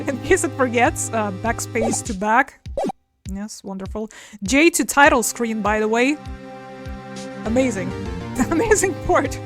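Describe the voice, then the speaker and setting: A woman's voice: on the high side, lively intonation, measured pace, pauses often. A woman streaming a game live, chatting casually with her viewers. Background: game music.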